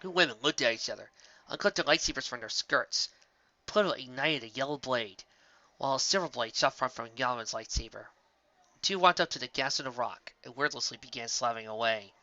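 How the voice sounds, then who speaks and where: A man reads a fan-fiction story aloud in a plain, unpolished way, stumbling now and then. His voice is bright and dry, and the recording is dull and lo-fi. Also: mid-range voice, a little fast, dry recording. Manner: plain reading with slips and restarts.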